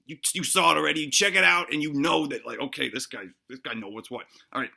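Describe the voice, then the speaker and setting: A gravelly, bright-edged voice of a dim-witted cop played by a man, rambling through absurd health tips with constant stammers and restarts. The tone is tense and cutting yet husky, and he boasts with clueless confidence. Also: on the high side, quick pace, exaggerated voice. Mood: boastful. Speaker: comedy sketch performer. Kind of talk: comedic character monologue.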